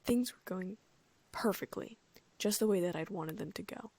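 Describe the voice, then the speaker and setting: A woman reading a first-person fan fiction audiobook in a soft, often near-whispered voice. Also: medium pitch, moderate pace, dry recording. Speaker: audiobook narrator.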